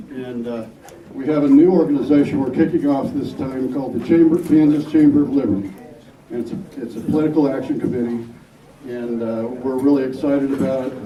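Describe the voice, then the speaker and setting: A man welcoming guests at an event, speaking plainly and haltingly with many fillers. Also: medium pitch, lo-fi sound. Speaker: event host. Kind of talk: welcoming remarks. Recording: distant roomy mic with crowd.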